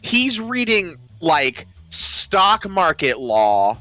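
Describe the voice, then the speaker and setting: A man's voice: high voice, big pitch swings, extremely slow, pushed and bright, dry recording. A man co-hosting a podcast, retelling film scenes in casual chat and often laughing. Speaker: podcast co-host.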